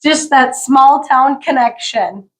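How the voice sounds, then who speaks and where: A woman co-hosting a podcast, chatting in a slow, reflective way. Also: high-pitched, rough recording. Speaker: podcast co-host. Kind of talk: casual chat.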